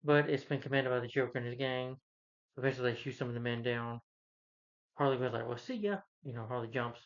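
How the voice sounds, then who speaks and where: A man's voice: mid-range voice, level tone, fast talker, muffled recording. Rambling man reviewing a movie. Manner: rambling, many restarts and fillers, opinionated. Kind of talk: casual rambling film review.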